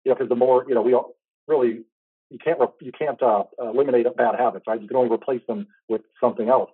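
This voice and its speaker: A man's voice: mid-range voice, steady tone, fast talker, slightly rough, dry recording. A man hosting an interview, telling a personal faith story in an earnest, rambling way. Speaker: host. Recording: tinny phone-like line, dry.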